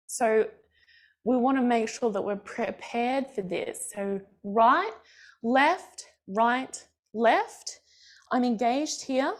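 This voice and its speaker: A woman from Australia teaching a bellydance class, counting the beats aloud and giving encouraging cues. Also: fairly high pitch. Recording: faint music behind. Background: class music.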